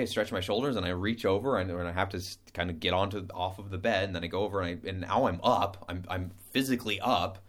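A man talks through a relaxed lesson in a loose, rambling way. He trips over his own words, restarts, and fills gaps with playful scat sounds. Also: low voice. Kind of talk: casual spoken lesson.

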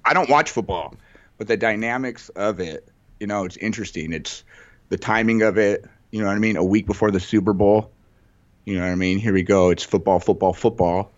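A man's voice: on the low side, fairly quick, no echo, lo-fi sound. A man co-hosting a podcast, rambling casually and often saying "you know what I mean.". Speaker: podcast co-host. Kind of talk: casual chat.

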